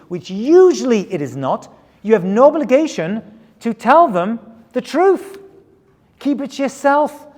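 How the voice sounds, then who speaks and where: A man teaching as a rabbi in an animated, rhetorical storytelling style that keeps checking in with his listeners. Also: sits high. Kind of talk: sermon-style lecture with storytelling. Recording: long hall reverb.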